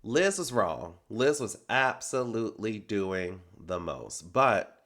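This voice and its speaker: A man's voice: lowish voice, slow. Chatty man recapping TV. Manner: chatty, animated storytelling with quoted asides. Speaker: recap host. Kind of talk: casual reality TV recap.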